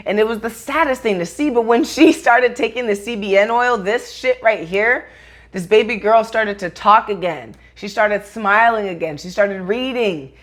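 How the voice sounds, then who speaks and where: A woman's voice: medium pitch, a bit bright. Tearful woman vlogger talking to camera. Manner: earnest, near tears, swears casually. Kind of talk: emotional talk to camera.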